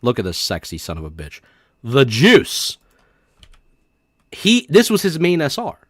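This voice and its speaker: At a desk microphone in his home setup, a livestreamer gives casual commentary to his chat, laughing hard and swearing as he reacts to a clip. His voice is a little high and a bit bright, captured with clean studio sound and no echo.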